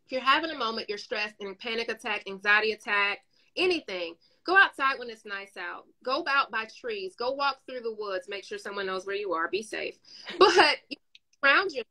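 A woman with a bright, forceful voice pitched a little high talks in a relaxed, chatty way. She tells lively stories, acts out little bits of dialogue, and gives encouraging advice as a guest speaker. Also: normal speed, rough recording. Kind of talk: casual motivational chat.

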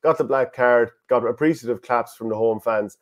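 An Irish man co-hosting a relaxed sports talk show at a mid pitch. He is opinionated and gives firm views. Between them, he reads listener comments aloud. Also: moderate pace. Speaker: podcast co-host. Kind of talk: casual sports chat.

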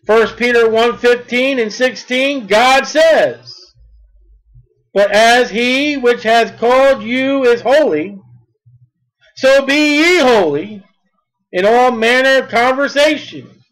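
A man preaching a sermon, reading scripture slowly and then speaking emphatically. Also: very high voice, fairly bright tone, poor audio.

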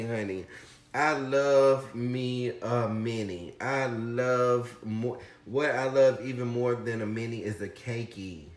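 A man hosting a casual orchid unboxing vlog, effusive, calling viewers honey and shrieking with excitement. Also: mid-range voice. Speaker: orchid channel host. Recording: echoey room, faint background hiss.

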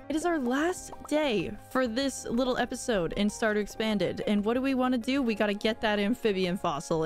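Woman let's-player, slightly high voice, excitable and self-mocking, soft music underneath. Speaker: let's play gamer. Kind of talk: casual gameplay commentary.

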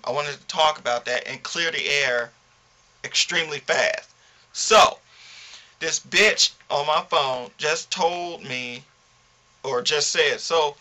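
Man, high pitch, very bright and tense tone, vlogger venting to camera, indignant, slangy. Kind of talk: ranting to camera.

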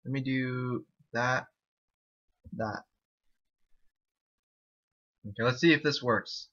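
A young man chatting excitably and repeating himself as he gives casual commentary on a game he is playing. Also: medium pitch, slow. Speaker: gaming YouTuber. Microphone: desk mic, no headset. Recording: dull lo-fi home recording.

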